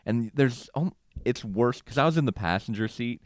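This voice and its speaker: A man co-hosting a podcast, telling a story in animated casual chat and acting out quotes with frequent laughs. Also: mid-range voice, moderate pace, no room sound. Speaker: podcast co-host.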